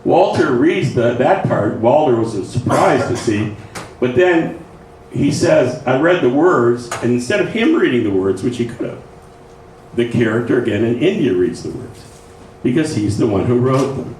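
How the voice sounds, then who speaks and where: A man's voice: mid-range voice, animated, moderate pace, a little mellow. A man presenting a writing workshop in a conversational lecture style, often checking in with his listeners. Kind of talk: informal lecture to a writing group. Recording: echoey room, faint noise, mic far off.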